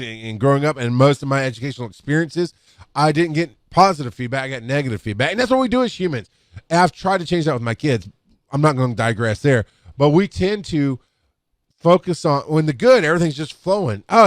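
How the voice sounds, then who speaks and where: A man's voice: a little high, expressive, a little fast, no echo, clean studio sound. A middle-aged man, an EMS instructor telling rambling work stories into a podcast microphone, with many restarts. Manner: rambling, with restarts and acted-out quotes. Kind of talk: casual storytelling talk.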